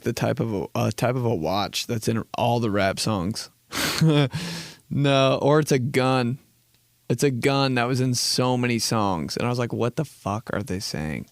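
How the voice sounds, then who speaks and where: A young man hosting a solo comedy podcast, animated and swearing freely as he acts out little scenes in other voices. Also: medium pitch, no room sound. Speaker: podcast host.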